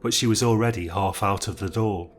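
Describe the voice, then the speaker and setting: Male horror storyteller, measured and low, soft music under. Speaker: narrator. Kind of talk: scripted horror narration.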